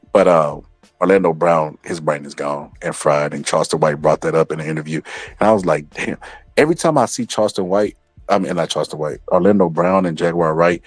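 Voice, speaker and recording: Deep-voiced man on a profane rambling rant. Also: husky, dry recording. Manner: rambling and profane, acts out quotes. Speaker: commentary channel host. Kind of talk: casual commentary rant.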